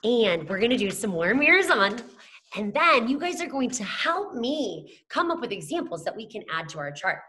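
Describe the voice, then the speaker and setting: A woman's voice: on the high side, big pitch swings, normal speed, pushed and bright. A woman teacher leading a phonics lesson for young children, chanting letters and sounds and praising the class. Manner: sing-song chanting of letters and sounds, encouraging.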